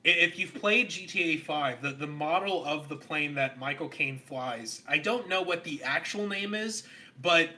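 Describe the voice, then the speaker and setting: Bright-voiced hesitant young-sounding man. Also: on the high side, moderate pace. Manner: hesitant, full of ums and restarts. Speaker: podcast co-host. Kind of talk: casual movie review chat.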